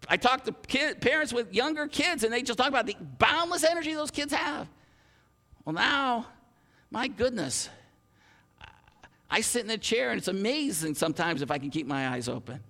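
A man in his fifties preaching a sermon, animated, with frequent restarts and self-deprecating humor. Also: very high voice, moderate pace, long pauses. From Ohio, USA. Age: 50s. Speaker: pastor. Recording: long hall reverb.

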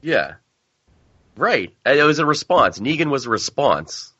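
A man co-hosting a casual podcast chat, relaxed and thinking aloud. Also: medium pitch, unhurried, slightly rough, no room sound. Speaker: podcast co-host. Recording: dull lo-fi Skype audio.

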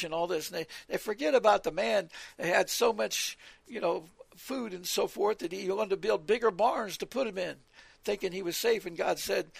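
Gravelly, husky-voiced male preacher. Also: high voice, moderate pace, no room sound. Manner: earnest, repeats words, quotes scripture aloud. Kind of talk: sermon-style Bible teaching.

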